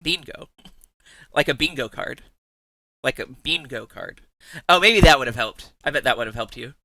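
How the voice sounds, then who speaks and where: A man's voice: mid-range voice, lively intonation, normal speed, sharp tone. A young man streaming live, chatting casually with his viewers, teasing them, swearing freely and laughing often.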